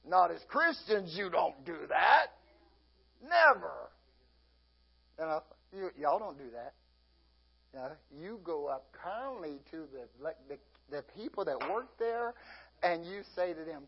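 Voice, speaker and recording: A man's voice: fairly high pitch, very animated, unhurried, creaky, lo-fi sound, a little hiss or hum. A man preaching a sermon as pastor, folksy and often laughing as he acts out everyday scenes.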